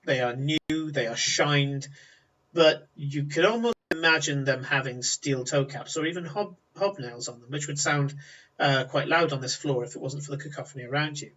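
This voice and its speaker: A man's voice: on the high side, moderate pace, a bit bright. A man narrating as game master, describing scenes at length with many ums and uhs. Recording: distant lo-fi mic.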